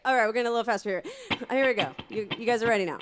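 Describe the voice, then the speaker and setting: A woman's voice: fairly high pitch, racing. Chatty woman introducing a song. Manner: casual, chatty, many fillers. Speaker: singer performing live. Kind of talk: spoken introduction to a live song. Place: stage before an audience.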